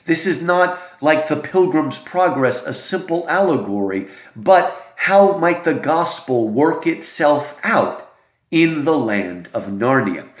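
A man giving a literature lecture, slow and expressive, with dramatic emphasis. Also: a little high. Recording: roomy echo.

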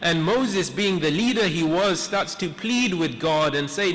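A man preaching a sermon in a church, retelling a story in an earnest, reflective way with pauses. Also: fairly high pitch, expressive, fairly bright tone. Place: church sanctuary. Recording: echoey church hall.

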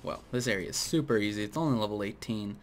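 Man, low voice, casual game commentary, rambling opinionated tangents, dry throat, faint background hiss. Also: fast talker. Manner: rambling, opinionated tangents, addresses viewers directly. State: dry mouth, clearing throat. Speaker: gaming video host.

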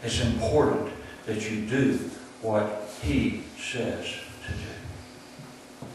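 A man preaching a sermon, retelling a story slowly and deliberately, with dramatic pauses. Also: on the low side, a little mellow, a little hiss or hum. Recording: very echoey room, distant mic, faint ambience.

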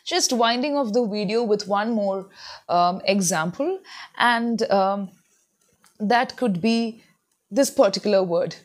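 A woman's voice: mid-range voice, takes it slowly. A woman giving earnest advice in a spoken lesson, repeating words to model how they sound. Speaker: English tutor. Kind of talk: spoken English lesson to camera.

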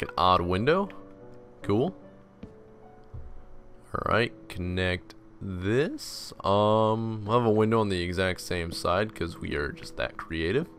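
A man's voice: lowish voice, fairly bright tone. A young man casually narrating his block-building game, rambling and self-deprecating, tired and yawning. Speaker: gaming channel host. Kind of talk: casual Let's Play commentary.

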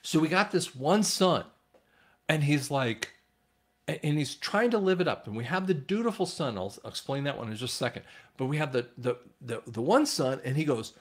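A man's voice: on the high side, expressive, moderate pace. A man giving informal Bible teaching, rambling with restarts and retelling scripture in a casual, conversational way.

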